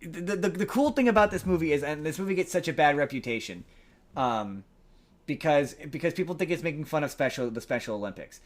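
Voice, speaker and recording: A man talks through a movie's story on a podcast. He is loose and casual, stumbles over restarts, and acts out the characters' lines as he goes. His voice sits a bit high for a man. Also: animated, a little fast. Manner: rambling with many restarts and quoted lines. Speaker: podcast co-host. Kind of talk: casual chat retelling a movie plot.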